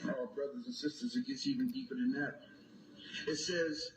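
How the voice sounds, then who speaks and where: A man lecturing a congregation like a preacher. He reads a text aloud, stops to ask the audience whether they follow, and rises into shouted emphasis. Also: fairly high pitch, very animated, fairly quick. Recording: echoey room with background noise.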